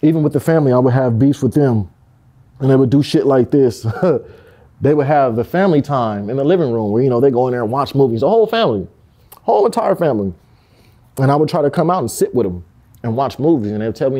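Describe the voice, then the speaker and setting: A man's voice: mid-range voice, animated, fast, dark tone. A man telling a candid story from his youth in an interview, in streetwise speech that swears and acts out the people he quotes.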